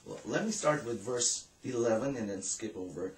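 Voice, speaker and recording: A man preaching a sermon as pastor, reading scripture aloud in a measured way. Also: mid-range voice, lively intonation, slight background noise. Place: church hall. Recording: echoey room, voice from a distance.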